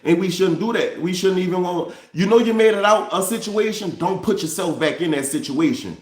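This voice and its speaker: A New Orleans vlogger talks straight to his viewers in a candid storytelling monologue, calling them y'all. His voice sits high and moves fairly quickly, and he repeats himself and restarts phrases in an echoey room.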